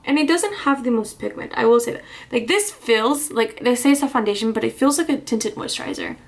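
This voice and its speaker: Chatting her way through a get-ready-with-me makeup vlog, this woman speaks in a fairly high, animated voice a little on the fast side. She's slightly breathless and rambles, with restarts and small laughs.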